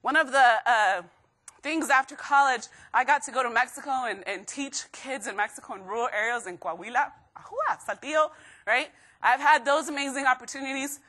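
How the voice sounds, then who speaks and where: A woman in her thirties giving a motivational talk to students, telling lively stories with acted quotes. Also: high-pitched, fairly quick. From Texas, USA. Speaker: motivational speaker. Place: stage before a live student audience.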